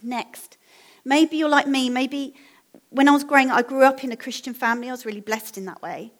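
A woman preaching a sermon in a church, speaking in a gentle, earnest and encouraging way. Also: high-pitched, a little fast. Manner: gentle, earnest, encouraging appeal with soft laughs.

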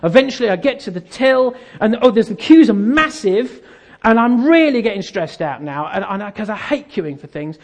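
A man's voice: high-pitched, animated, moderate pace. A man giving a sermon as a pastor, telling a story and acting out the dialogue with self-deprecating humor while an audience laughs.

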